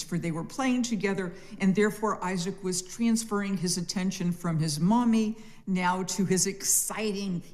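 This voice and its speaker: A middle-aged woman teaching a church adult education class, telling the story in a lively way with wry asides. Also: medium pitch.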